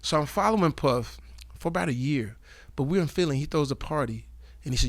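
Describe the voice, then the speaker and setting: A man guest telling animated, profane stories in a casual interview, acting out the dialogue. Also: on the high side, fairly quick, no room sound. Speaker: guest, comedian and actor.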